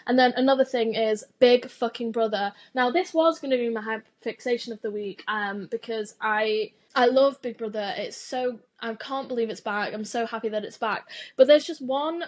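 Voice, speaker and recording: A young woman hosting a solo podcast, ranting in a casual, animated way, swearing freely and filling her talk with "like". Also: a little high, normal speed, hardly any pauses. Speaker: podcast host.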